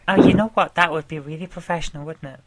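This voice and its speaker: A woman co-hosting a casual podcast chat, briskly steering the conversation. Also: deep voice, low-quality recording. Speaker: podcast co-host.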